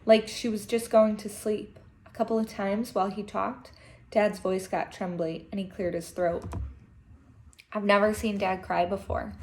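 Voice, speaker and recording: A teacher with a mid-range voice reads a children's novel aloud to her class. She's gentle and expressive, pausing for emotional asides.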